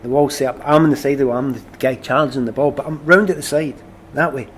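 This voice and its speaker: A middle-aged man with a Glasgow Scottish accent, a former footballer being interviewed, telling stories in a lively, self-deprecating way. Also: mid-range voice, quick pace, a little hiss or hum. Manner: animated, self-deprecating storyteller. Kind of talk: casual conversation.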